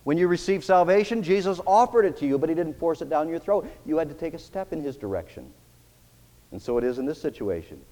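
A male pastor preaching in a fairly high voice. He drives his points home emphatically, rising to loud declarations and then dropping to near hushed tones. The long reverb of a church hall trails after each phrase. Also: animated, fast talker. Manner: emphatic preaching with wide swings in loudness. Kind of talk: sermon.

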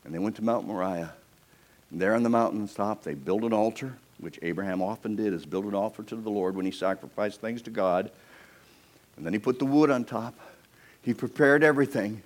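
A male pastor preaching a sermon in an animated storytelling way, putting on the voices of figures he quotes and asking the congregation questions. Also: lowish voice, fairly quick.

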